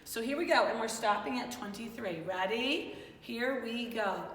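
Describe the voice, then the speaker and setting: A woman's voice: a little high, expressive, normal speed, very noisy. A woman teaching young children in an online class in an upbeat, coaxing, sing-song manner. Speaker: kindergarten teacher. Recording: roomy echo, distant mic, faint ambience.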